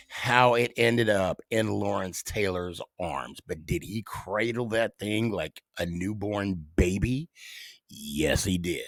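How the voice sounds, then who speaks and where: Middle-aged male podcast host; lower voice, dramatic pauses, dry close mic. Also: no room sound. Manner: animated storyteller with dramatic pauses. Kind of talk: casual solo podcast storytelling.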